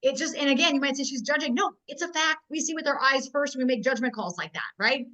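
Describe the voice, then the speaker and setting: Over muffled, dull video-call audio, a woman in her 40s gives tough-love business training as a network marketing trainer. Her high-pitched voice is pushed and bright, and she talks fast, bluntly, and emphatically.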